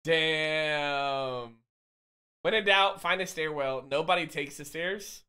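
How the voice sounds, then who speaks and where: A male streamer chats casually with his viewers in a fairly high, slow voice that is bright, forceful, clear and resonant. Loose and swearing, he teases and jokes with chat, reading their messages aloud and answering them.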